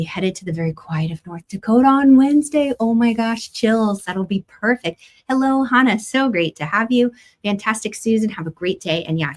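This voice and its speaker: A woman hosting a live astrology and spiritual guidance stream, chatty, laughing often and greeting viewers by name. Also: medium pitch. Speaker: astrology host. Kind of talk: livestream spiritual guidance talk.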